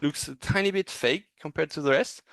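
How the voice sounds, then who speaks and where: A man giving a casual, encouraging animation critique in a thoughtful, halting way. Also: on the high side, creaky, fairly bright tone, no echo. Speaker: animation reviewer.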